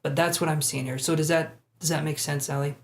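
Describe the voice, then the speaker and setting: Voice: medium pitch, steady tone, a little fast, creaky. Chatty live-stream tarot reader. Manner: chatty, casual, self-deprecating asides.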